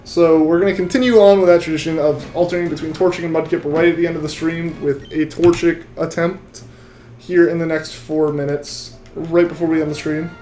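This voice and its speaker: A man's voice: a little high, steady tone, a little fast, dark tone, a little hiss or hum. Chatty young man streamer, roomy echo. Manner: rambling, chatty, full of restarts. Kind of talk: live-stream chat while shiny hunting.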